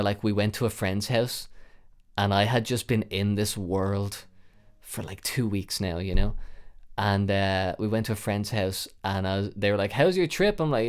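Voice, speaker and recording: A young man hosting a podcast, telling a long personal story in a rambling way, with frequent fillers and swearing. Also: on the low side. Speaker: podcast host. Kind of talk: storytelling monologue.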